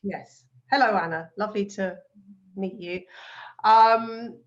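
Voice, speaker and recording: A woman, a novelist in a live festival conversation, talking in a chatty, animated way with frequent ums and little laughs. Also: medium pitch, takes it slowly, muffled recording. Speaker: novelist guest.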